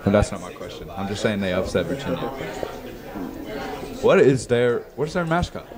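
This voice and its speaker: A teenage boy hosting a school quiz, chatty and quick, often repeating himself. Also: lowish voice, very animated, a loud crowd. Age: teens. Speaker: student quiz host. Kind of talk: hallway quiz segment.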